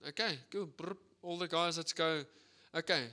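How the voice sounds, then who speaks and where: South African preacher, energetic storyteller, bright clear voice. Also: male voice, fairly high pitch, moderate pace. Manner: energetic, animated storytelling with frequent "right?". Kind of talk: sermon.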